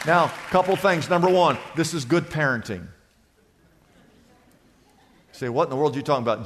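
A man with a high voice preaches a sermon, excitable and full of questions put to his listeners. He repeats his key lines for emphasis. His voice rings out with the long reverb of a church hall. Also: fairly quick, some chatter behind, a little hiss or hum. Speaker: pastor.

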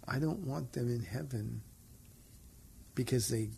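A man, a pastor, hosting a radio call-in show and answering listeners' questions in a gentle, pastoral way. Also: mid-range voice, measured pace, vocal fry, a little hiss or hum. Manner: gentle, pastoral, takes calls.

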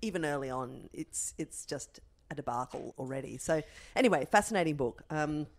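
Low-voiced chatty woman. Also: animated, moderate pace. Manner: chatty, self-mocking, with filler ums. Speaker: podcast co-host. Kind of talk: casual chat.

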